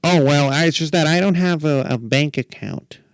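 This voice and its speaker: A man imitating his young adult male friend, who sounds sheepish and hesitant, in a higher voice. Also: moderate pace, no echo, close to an everyday voice.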